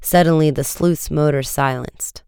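A man narrating a storybook chapter in a steady, measured reading. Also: a little high, gravelly, clear, resonant tone, dry recording, clean studio sound. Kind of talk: audiobook reading.

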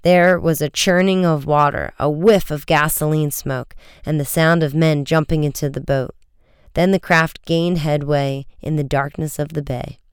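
An audiobook narrator reading an adventure story, with brisk, vivid storytelling that rises into shouts for the dialogue. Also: mid-range voice, fairly even intonation, clean tone, dry recording, clean studio sound.

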